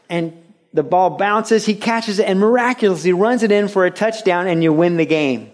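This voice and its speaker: Pastor, male, higher-pitched voice; earnest conversational sermon delivery that grows animated. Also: normal speed. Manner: earnest, builds to animated storytelling with sudden louder bursts. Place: church, broadcast on radio.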